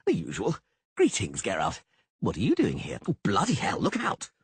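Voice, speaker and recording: A man's voice: lowish voice, huge pitch swings, normal speed, slightly rough, no room sound, exaggerated voice. A man voicing a vain, flamboyant young bard with a theatrical manner in an audiobook. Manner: theatrical, exclaiming. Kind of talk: audiobook character voice.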